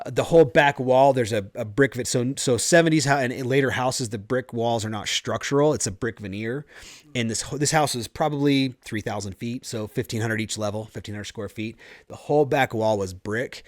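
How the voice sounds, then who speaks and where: A man hosting a casual podcast, telling stories in an animated way and laughing often. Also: mid-range voice, dry recording, studio quality. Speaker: podcast host and home inspector.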